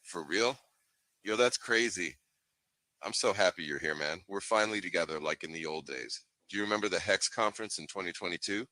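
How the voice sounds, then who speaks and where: A man plays an overeager crypto fan who gushes and calls everyone brother. His very deep voice has a bright ring to it, in a meme video skit. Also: brisk, no echo. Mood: gushing. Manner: gushing and overeager. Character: eager male crypto fan who now cleans toilets.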